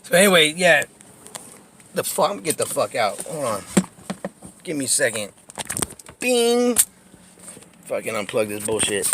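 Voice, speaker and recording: Outdoors on a street and alley in the neighborhood where he used to live, a buzzed man rambles through profane stories into a handheld phone. His medium-pitched voice is expressive and a little fast, broken by long pauses and background noise, and he laughs often between phrases.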